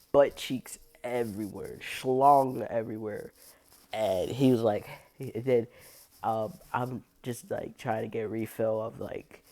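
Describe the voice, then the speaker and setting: A young woman with an unusually low voice, telling a blunt, profane story about her cleaning job in a casual vlog. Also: gravelly, mellow. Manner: blunt, profane, heavy use of "like", laughs often. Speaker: restroom and locker room cleaner.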